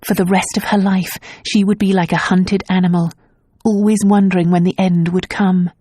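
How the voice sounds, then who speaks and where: Calm, mellow female narrator. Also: lowish voice, no echo, clean studio sound. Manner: calm, measured storytelling. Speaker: audiobook narrator. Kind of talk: scripted narration.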